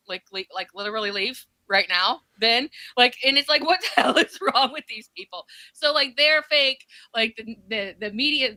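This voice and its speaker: A woman co-hosting a political podcast in casual, animated talk, swearing freely and restarting her sentences often. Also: on the high side, dry recording, rough recording. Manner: animated, profane, many restarts.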